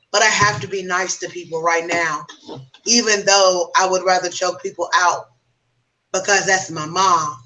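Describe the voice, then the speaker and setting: A woman's voice: medium pitch, sharp tone, recorded from a distance, poor audio. A woman co-hosting a casual round-table chat, talking reflectively and giving advice to the younger men at the table. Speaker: co-host.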